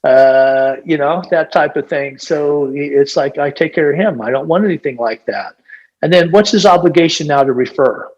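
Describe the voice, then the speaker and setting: A man in his sixties, a gym owner, telling rambling, animated stories in a casual podcast chat, full of "you know" and restarts. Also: fairly high pitch, normal speed, dull audio. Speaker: gym owner and business coach.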